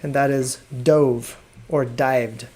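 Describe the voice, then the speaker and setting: A man teaching an English lesson on a live video stream, explaining patiently and repeating words slowly. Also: medium pitch, fairly even intonation, darkish tone. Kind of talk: live online language lesson.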